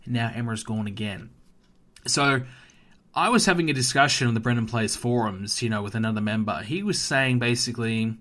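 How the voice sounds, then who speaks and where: Young aussie guy ranting on his wrestling podcast, gets loud and fired up then drops back down, lots of "you know". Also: mid-range voice, fairly quick. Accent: Australian. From Australia. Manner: animated, emphatic ranting with frequent fillers. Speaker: podcast host. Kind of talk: solo wrestling podcast rant.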